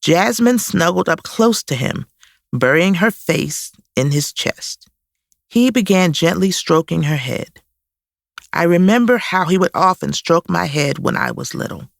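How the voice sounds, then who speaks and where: Slow, gravelly woman reading her memoir. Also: fairly low pitch, animated, no room sound, clean studio sound. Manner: slow, reflective first-person reading. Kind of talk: audiobook memoir narration.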